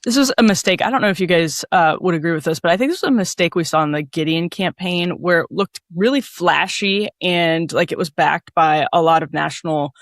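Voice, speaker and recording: A woman's voice: lowish voice, brisk, few pauses, no echo. A woman giving political analysis as a panel guest, thoughtful and fluent, with frequent "uh" and "like".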